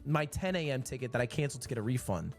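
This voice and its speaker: Animated young man telling a story. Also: mid-range voice, very fast, soft background music. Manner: animated, exasperated, swears. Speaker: streamer. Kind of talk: casual storytelling.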